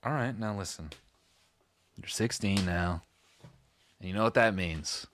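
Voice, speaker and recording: A man's voice: sits low, unhurried, fairly bright tone, dry recording. A man putting on an awkward Gen X dad. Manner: fumbling, tries too hard to sound hip. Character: awkward middle-aged Gen X dad giving his teen son a talk.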